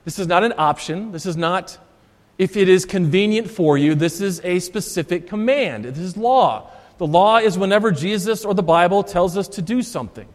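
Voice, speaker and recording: A man's voice: sits high, lively intonation, moderate pace. A male Lutheran pastor preaching a sermon, emphatic and repeating his key phrases for stress. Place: church sanctuary. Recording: long church reverb.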